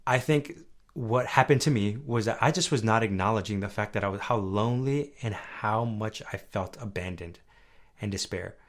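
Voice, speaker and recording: A young man hosting a faith podcast, talking earnestly and conversationally, dropping soft and low at times and then rising loud and high when stirred. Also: moderate pace. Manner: earnest, conversational, often asks "right?". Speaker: podcast host. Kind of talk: faith-based personal podcast talk.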